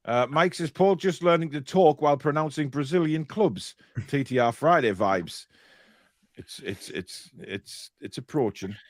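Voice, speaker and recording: A man's voice: fairly high pitch, lively intonation, unhurried, no room sound, clean studio sound. Chatty, rambling middle-aged man. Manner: chatty, jokey, rambling with restarts. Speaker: co-host reading viewer comments. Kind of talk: casual live-stream chat.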